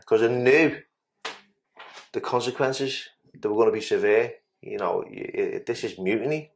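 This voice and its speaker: A man's voice: mid-range voice, normal speed, creaky. A man tells a story as a podcast guest in casual talk. He is blunt and sweary and often restarts his sentences.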